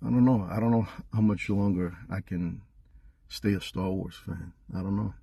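A man in a heated, profane rant that swings between loud outbursts and muttering. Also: low voice, fairly even intonation, normal speed, gravelly, slightly rough, dry recording.

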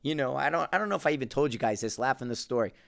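Man, middle-aged, podcast host, smooth clear voice, loose animated storytelling, frequent cursing and restarts. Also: medium pitch, very fast. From Connecticut, US East Coast. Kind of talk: casual monologue.

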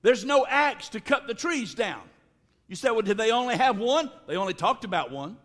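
A man preaching a sermon, speaking slowly with drawn-out words and sudden shouts. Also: extremely high pitch, lively intonation. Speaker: pastor. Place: church sanctuary. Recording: long reverb of a large hall.

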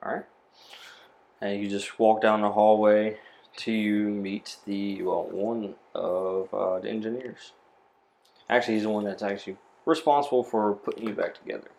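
A man narrating a tabletop role-playing game as game master, describing scenes in a relaxed way with fillers. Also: lowish voice, moderate pace, vocal fry.

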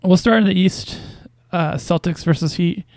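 A man's voice: high voice, moderate pace, a little mellow, no echo. A man casually commenting on basketball news as a podcast host, with a hesitant, wry delivery full of fillers and small chuckles.

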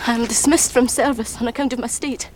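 A young pregnant serving woman pleads in a high, desperate voice, as an actress plays her. The film clip carries clear background noise under her lines. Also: steady tone, fast, close to an everyday voice. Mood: pleading. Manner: pleading, distressed.

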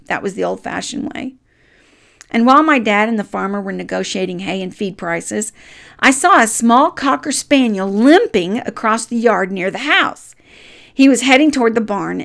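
A middle-aged woman from the United States narrating a personal childhood story in a folksy storytelling manner, often dropping to a soft murmur. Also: mid-range voice, creaky.

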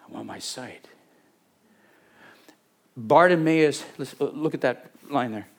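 A man's voice: medium pitch, expressive, slow, vocal fry, pauses often. A man preaching a sermon, talking animatedly and acting out Bible scenes in different voices. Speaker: pastor.

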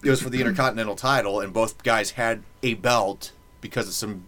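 A man's voice: lowish voice, fairly even intonation, a little fast, a bit bright. A man hosting a podcast in casual chat, rambling and joking with many fillers. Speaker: podcast host.

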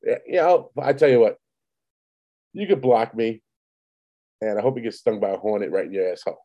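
A man's voice: lowish voice, fairly quick, dull audio. A man in casual chat, blunt and profane, speaking matter-of-factly. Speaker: podcast co-host.

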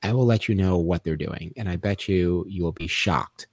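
A man's voice: sits low, normal speed, vocal fry, slightly rough, no room sound, clean studio sound. A man with a Jamaican accent co-hosting a podcast, telling jokes and stories in a casual chat. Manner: joking, animated storyteller. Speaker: podcast co-host.

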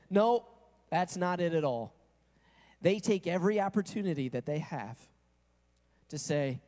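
Man, pastor, sermon, chatty, asks the congregation questions, high voice, long church-hall reverb. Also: animated, measured pace, long pauses, dark tone. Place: church sanctuary.

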